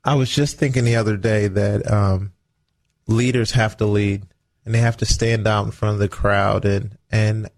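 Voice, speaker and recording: Man, radio co-host, earnest and preachy, casual talk on leadership. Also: lowish voice. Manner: earnest, preachy, acts out little quoted exchanges. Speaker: radio show co-host, former football player.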